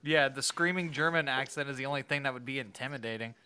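A man's voice: mid-range voice, fast talker, pushed and bright, clean tone. A man co-hosting a podcast in casual, crude chat, laughing often and swearing as he rambles. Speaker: podcast co-host.

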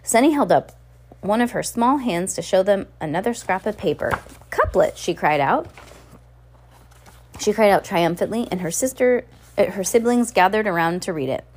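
A woman's voice: mid-range voice, animated, normal speed, darkish tone. A woman casually reading a children's novel aloud, with small slips and restarts. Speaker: reader.

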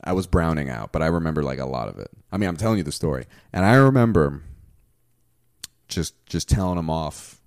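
A man's voice: a bass voice, animated, a little fast, dry recording, clean studio sound. A young man in his twenties telling a crude, rambling story full of "like" fillers in casual chat.

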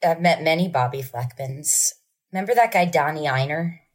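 A woman from New Jersey, a guest musician, telling anecdotes in a casual, animated way and acting out quotes. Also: low voice, normal speed. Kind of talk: casual storytelling.

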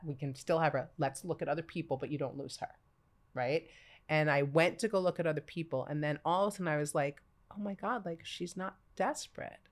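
A woman in her forties, a podcast guest telling her story in casual chat, animated and full of acted-out quotes and laughter. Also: sits low.

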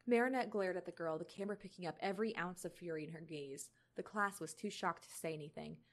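A young woman narrates a fan story aloud with a somewhat low voice. She is chatty and giggly, now and then tripping over her words. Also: fast talker. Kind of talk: casual read-aloud narration.

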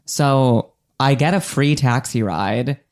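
A man's voice: medium pitch, slow pace, a little mellow. A young adult man casually telling a rambling personal story on a podcast, full of fillers and self-deprecating humor. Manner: rambling, full of likes and ums, laughs at himself.

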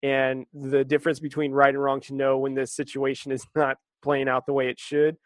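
A man's voice: medium pitch, completely flat delivery, moderate pace, dry recording. A man co-hosting a casual chat, talkative and wry, laughing often. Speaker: podcast co-host.

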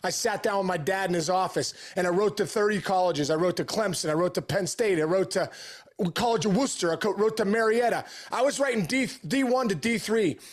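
Earnest high-voiced middle-aged man. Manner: eager, earnest, with many quick restarts. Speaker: podcast guest. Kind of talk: storytelling in conversation.

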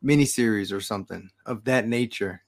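A man hosting a podcast, talking in a playful, animated way with plenty of swearing. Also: fairly low pitch, a little fast. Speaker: podcast host. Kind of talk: casual chat.

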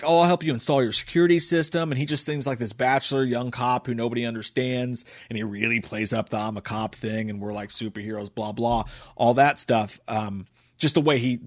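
A man casually recapping a movie in a rambling, profane, enthusiastic way. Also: mid-range voice. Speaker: movie reviewer.

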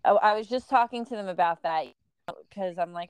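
A woman's voice: mid-range voice, normal speed, smooth, no echo. An American woman hosting a podcast, chatting casually and enthusiastically with frequent laughs and fillers. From United States. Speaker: podcast host. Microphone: remote call recording.

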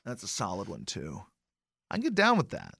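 A man's voice: on the low side, huge pitch swings, moderate pace, vocal fry, a bit bright, a little hiss or hum. A man hosting a casual sports talk show, sarcastic and mocking, tossing off joke rhymes. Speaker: podcast host.

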